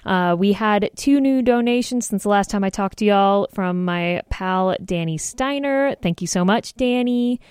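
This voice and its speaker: A woman's voice: mid-range voice, measured pace, few pauses, a little mellow, clean tone, no echo. A young woman in her twenties hosting a college-style radio show, chatty and self-deprecating, laughing easily between song back-announcements. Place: radio studio.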